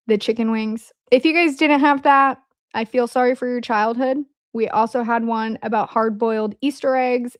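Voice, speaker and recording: A woman's voice: a little high, no echo, studio quality. A woman with a Midwestern American accent hosting a casual livestream, chatting and joking with her viewers. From Midwest of the United States. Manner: chatty, joking asides to chat. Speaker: livestream host.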